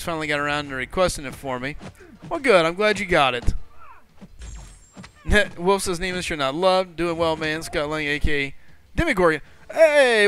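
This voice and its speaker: Bright, chatty gaming streamer man. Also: on the high side, clean tone. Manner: chatty, greets viewers and reads chat messages aloud; loose and rambling, with frequent fillers and self-corrections. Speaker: gaming livestream host. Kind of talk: casual livestream chat.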